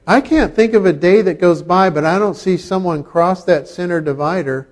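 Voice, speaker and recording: A man's voice: sits high, normal speed. A middle-aged man preaching a sermon, talking in a conversational way with humorous asides. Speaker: pastor.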